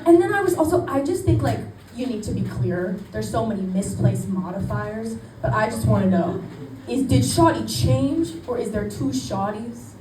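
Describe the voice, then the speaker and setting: A woman's voice: mid-range voice, moderate pace, hardly any pauses. A young woman doing a self-deprecating stand-up set in a small club, with laughter behind her. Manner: chatty, self-deprecating, animated quoting. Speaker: stand-up comedian. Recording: echoey club, mic at a distance, noisy. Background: audience laughter.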